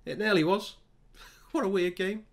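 A man giving excitable, exasperated running commentary on a football management game, with his voice starting to go. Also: sits high, a little slow. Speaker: gaming YouTuber.

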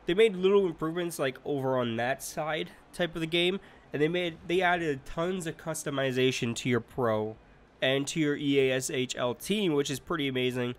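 A man's voice: fairly high pitch, normal speed. Rambling young man commentating gameplay. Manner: rambling, repeats himself, frequent fillers. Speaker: gaming commentator. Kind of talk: casual let's-play commentary.

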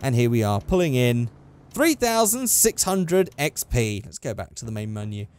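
A man's voice: mid-range voice, big pitch swings, moderate pace, darkish tone. Sarcastic young man gaming. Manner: sarcastic, exasperated running commentary. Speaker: gaming channel host. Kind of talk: let's play commentary.

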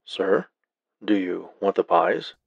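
Man doing a deadpan police officer. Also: deep voice, takes it slowly, gravelly, no room sound, highs cut off, full character voice. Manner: flat, matter-of-fact.

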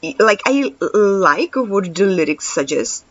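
Halting woman with a dull lo-fi sound. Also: medium pitch, animated, no echo. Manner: halting, stumbles and restarts words, many "like" fillers. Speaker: reaction video host. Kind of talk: reading translated lyrics aloud, then casual commentary. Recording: dull lo-fi recording.

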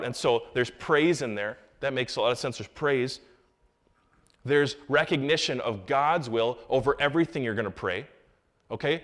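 A young adult man preaching a sermon in a church sanctuary, in a conversational way that breaks into emphatic rises. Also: medium pitch. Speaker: pastor.

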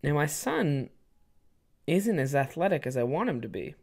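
A man putting on a glum middle-aged small-town dad who grumbles in a low mumble. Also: big pitch swings, moderate pace, vocal fry, heavily acted. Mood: grumbling.

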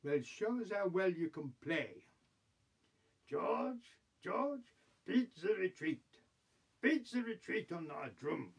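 A man's voice: high voice, very animated, slow pace, breathy edge, full character voice. A man doing a pompous emperor. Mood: mocking. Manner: grand, declaiming, French phrases. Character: pompous French emperor, middle-aged man.

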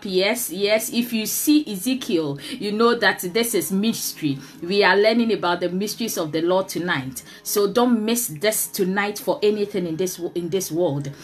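Woman preacher praying fervently in tongues. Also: mid-range voice. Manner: fervent prayer with speaking in tongues. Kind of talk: livestreamed sermon and prayer.

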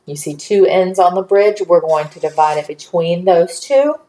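A woman teaching a phonics lesson to young children, patient and encouraging, drawing out each word slowly. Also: lowish voice, dark tone, roomy sound.

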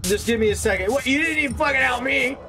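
A man's voice: very high-pitched, quick pace, over music. A man giving panicky, swearing, self-deprecating commentary while playing a video game. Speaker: gaming channel host. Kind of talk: gameplay commentary.

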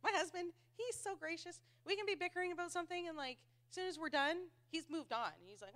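A woman's voice: very high-pitched, fast talker, hardly any pauses, sharp tone. A married woman giving a church Bible teaching in a conversational way, laughing at herself and acting out the voices she quotes. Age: adult, married.

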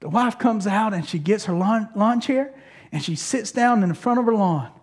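High-voiced man preaching a story-led sermon. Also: expressive, moderate pace, slightly rough. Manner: conversational storytelling with frequent restarts; calls for congregation responses. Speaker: pastor.

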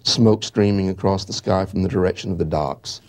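A man giving a history lecture, reading eyewitness accounts in a measured, halting way with small restarts. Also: low-pitched, darkish tone.

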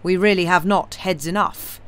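Croaky gloating juryman, storybook villain, read by a woman. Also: on the low side, fairly even intonation, moderate pace, a bit bright, close to an everyday voice. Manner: relishing, gloating.

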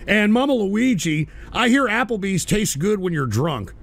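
Gravelly, high-pitched ranting man. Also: sing-song, normal speed. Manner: angry, loud, swearing, shouting at viewers. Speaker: talk radio host reading paid chat messages. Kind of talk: profane political rant.

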